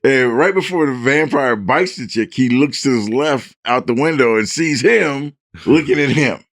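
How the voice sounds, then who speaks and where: A man's voice: mid-range voice, moderate pace, dry recording. Podcast co-host: a man who tells stories with animation, acting out voices, in a dry room. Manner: animated storyteller who acts out the characters' lines; stammers and restarts in bursts. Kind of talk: casual chat, storytelling.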